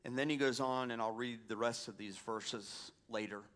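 A man's voice: mid-range voice, fairly even intonation, normal speed, fairly bright tone. A man from the American South, a pastor preaching a sermon with prayer and scripture reading, folksy and conversational with asides to the congregation.

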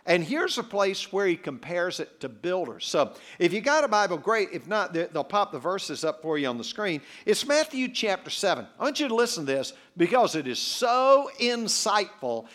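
A man delivers a sermon as a visiting preacher, weaving personal stories with humor. His voice sits a bit high and moves through a wide, lively range of pitch. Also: normal speed, hardly any pauses. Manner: animated, humorous storyteller. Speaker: guest preacher.

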